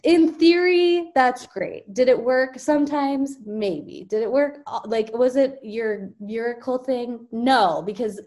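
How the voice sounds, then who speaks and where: A young woman chatting casually, animated, often jumping her voice up to act out what children say. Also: slow, few pauses. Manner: animated, acts out kids' voices with big pitch jumps. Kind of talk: casual conversational chat.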